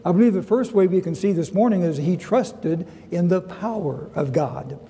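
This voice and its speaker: A middle-aged man with a Southern US accent leads a Sunday school lesson in a church. His voice sits a little high but has a mellow tone, and he speaks earnestly, repeating key phrases and slowing down for scripture. A long hall reverb trails each phrase. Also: animated, creaky. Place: church sanctuary.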